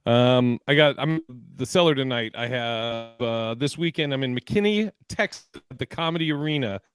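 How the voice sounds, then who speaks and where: A man's voice: mid-range voice, normal speed, smooth. A man hosting a casual comedy podcast, joking and laughing between show plugs. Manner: joking, laughing, breaks into silly voices. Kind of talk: casual chat.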